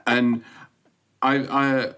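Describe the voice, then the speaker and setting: A man's voice: medium pitch, little pitch movement, very slow, sharp tone, a little hiss or hum. A man in his thirties, chatting as a podcast guest over a video call, self-mocking and swearing casually. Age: 30s. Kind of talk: casual chat.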